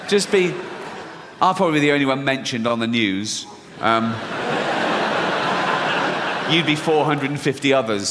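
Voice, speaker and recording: A man's voice: a little high, big-room sound, noisy background. A man performing a stand-up comedy routine, telling stories sardonically, mocking his own fears and swearing freely.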